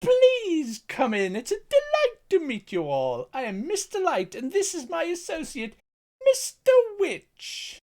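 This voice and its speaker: A man's voice: very high-pitched, huge pitch swings, unhurried, darkish tone, pitched above the performer's own voice, full character voice. A man voicing a flamboyant, theatrical male elf showman who speaks in a grandiose sing-song. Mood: welcoming.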